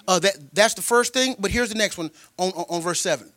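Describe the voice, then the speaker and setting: A man preaching a sermon as a pastor, telling personal stories in a colloquial way, with delivery that swings from loud and emphatic to quiet and tender. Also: sits high, brisk, dry recording. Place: church.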